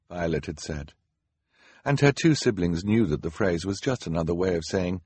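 A man reading a children's novel aloud as narrator, wry and deadpan with mock-solemn asides. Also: low voice, normal speed, husky, no echo. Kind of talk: audiobook narration.

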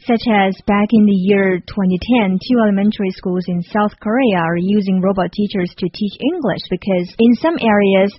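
A woman's voice: medium pitch, moderate pace, hardly any pauses, highs cut off. A woman radio co-host describing and explaining in studio discussion.

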